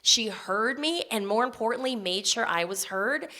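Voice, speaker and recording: Bright-voiced woman telling a story on stage. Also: a little high, lively intonation. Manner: conversational, earnest, with quick restarts. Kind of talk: live personal storytelling on stage. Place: live stage before an audience.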